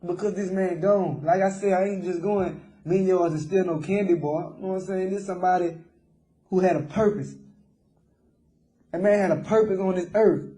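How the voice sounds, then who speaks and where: A man's voice: high-pitched, fairly even intonation, moderate pace, warm tone, echoey room. A young man, speaking remorsefully in a jailhouse interview and often calling the interviewer sir. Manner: remorseful, repeatedly saying sir. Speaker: jailed suspect being interviewed.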